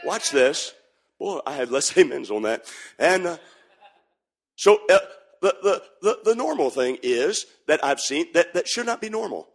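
High-voiced preacher man shouting a sermon. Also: husky. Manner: shouting, sing-song preaching with sudden drops to a hush.

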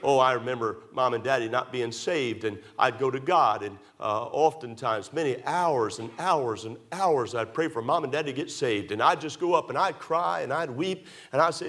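A man preaching a sermon, emphatic and repetitive, rising to loud pleas and dropping to quiet asides. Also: medium pitch, animated, normal speed, hardly any pauses. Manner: emphatic, repetitive, swings between loud pleading and hushed asides. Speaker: pastor.

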